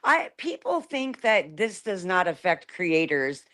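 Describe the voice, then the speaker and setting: A woman on a live-stream panel, talking as a soothing peacemaker with soft laughs. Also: on the low side, big pitch swings, unhurried.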